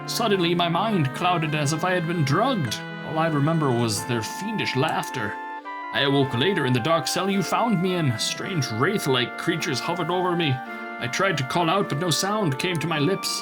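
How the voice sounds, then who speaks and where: Dude doing a grave big-brother hero, pitched up, earnest storytelling. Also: male voice, lively intonation, moderate pace, over music, natural voice.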